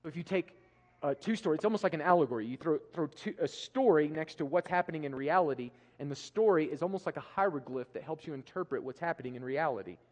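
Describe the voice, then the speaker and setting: A man preaching a sermon, emphatic, swinging from loud declarations to hushed passages. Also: on the high side, fast talker. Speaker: pastor. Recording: live preaching with long hall reverb.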